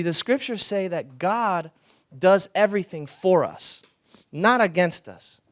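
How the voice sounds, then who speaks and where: A man's voice: sits high, no room sound, clean studio sound. A young adult man preaching a conversational sermon as a pastor, telling stories. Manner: conversational, storytelling with laughs.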